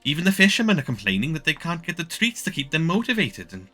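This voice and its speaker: A man's voice: on the high side, very animated, fast, bright, forceful tone, soft background music, voice pushed up, full character voice. A man voicing an anxious, indecisive woman mayor with a Welsh accent, stammering and hesitant. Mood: fretful.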